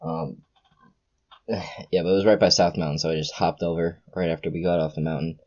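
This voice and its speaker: A young man hosting a casual podcast chat, an excitable storyteller who gushes with exclamations. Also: sits low, moderate pace, lo-fi sound. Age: young adult. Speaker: podcast host.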